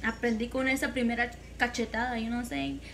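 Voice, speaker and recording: A woman's voice: a little high, lively intonation, quick pace, background noise. A young woman vlogger telling a casual storytime monologue, chatty and full of swearing, slipping in Spanish phrases.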